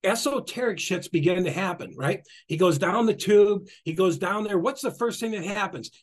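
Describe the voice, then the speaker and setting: Animated high-voiced man giving a spiritual talk. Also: normal speed. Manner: animated, repetitive, acts out quotes, laughs often. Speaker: spiritual guest speaker.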